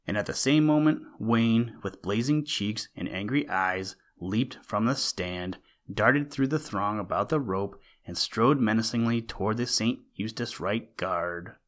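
A man narrating an old-fashioned school story in a steady, expressive reading. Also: fairly low pitch, measured pace.

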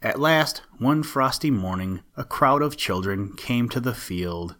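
A man reading a children's story aloud in a gentle, measured way. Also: mid-range voice, lively intonation.

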